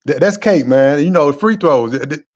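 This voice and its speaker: A man's voice: fairly high pitch, expressive, moderate pace, a little mellow, dull audio. Stammering man with a raised voice. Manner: stammering, blunt, boastful. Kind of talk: casual podcast sports talk.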